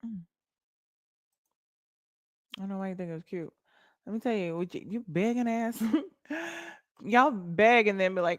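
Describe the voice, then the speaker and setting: A woman's voice: medium pitch, animated, unhurried, long pauses, dry recording, clean studio sound. A woman, livestreaming and chatting bluntly and mockingly to her viewers. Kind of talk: casual livestream chat.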